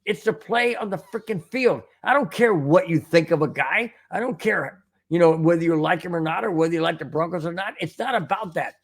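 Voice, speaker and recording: A man's voice: on the high side, fairly quick. A man hosting a fan sports show, ranting in an emphatic, exasperated way and repeating his points. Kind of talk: fan commentary monologue.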